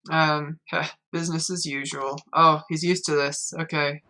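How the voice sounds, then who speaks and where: A woman's voice: sits low, fairly even intonation, unhurried, few pauses, sharp tone, a little hiss or hum. A woman with a northern English accent chatting wryly and swearing casually while she streams a game live.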